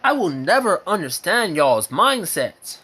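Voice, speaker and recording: Here a man from the United States shares his opinions as a vlogger, his high, husky voice sharp in tone and swinging widely in pitch. Unhurried but impassioned, he keeps repeating phrases and swearing to drive each point home.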